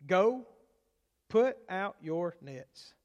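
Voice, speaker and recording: Preaching extremely slowly in a church sanctuary, a high-voiced male pastor swings dramatically in pitch and volume, shifting from loud, stressed lines to hushed near-whispers and back while acting out quoted voices. A long hall reverb rings through the sound.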